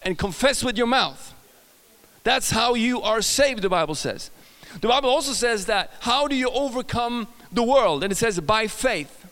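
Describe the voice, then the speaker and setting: A man's voice: extremely high pitch, expressive, moderate pace, a bit bright, in a large hall. A man with a Swedish accent preaching a casual, joking sermon, often restarting his sentences and talking to the audience. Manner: chatty, self-correcting, jokes with the audience.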